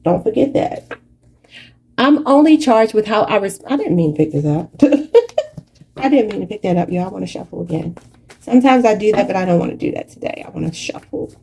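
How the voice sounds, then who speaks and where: A woman's voice: mid-range voice, mellow, slight background noise. A woman giving a channeled tarot reading in a preachy, spiritual way, often calling her viewers "y'all". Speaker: tarot reader.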